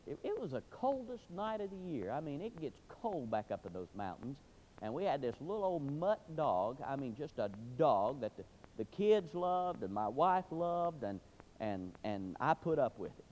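A man preaching a sermon, telling a folksy story in an animated way with sudden loud bursts. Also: mid-range voice. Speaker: pastor. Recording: dull recording with long hall reverb.

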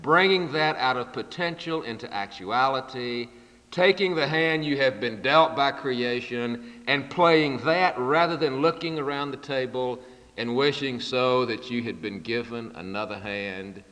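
Man, preacher, measured earnest sermon delivery, repeats phrases for emphasis, mid pitch, long hall reverb. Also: a bit bright. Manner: measured and earnest, with rhetorical repetition.

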